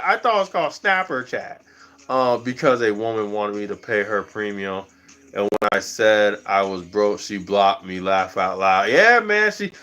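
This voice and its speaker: A man's voice: mid-range voice, fairly bright tone. A man livestreaming, chatting casually and rambling, chuckling often as he talks.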